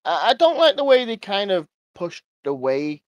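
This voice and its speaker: A man co-hosting a casual gaming podcast with a fairly high, very lively voice that swoops up and down. He chats in an animated way and acts out other people's words. The recording is close and dry. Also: moderate pace, no echo. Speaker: podcast co-host. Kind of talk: casual chat.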